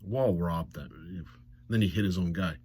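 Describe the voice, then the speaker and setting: A man's voice: deep voice, moderate pace, a little mellow, husky, no echo. A man recapping a hockey game in a blunt, mocking monologue that rises to exasperated outbursts. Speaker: hockey commentator.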